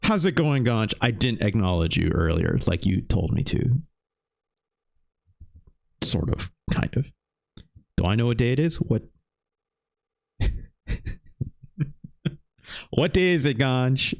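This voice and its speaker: A man in his thirties streaming a retro game, chatting with viewers in a loose, animated way and swearing casually. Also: mid-range voice. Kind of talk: live game stream chat.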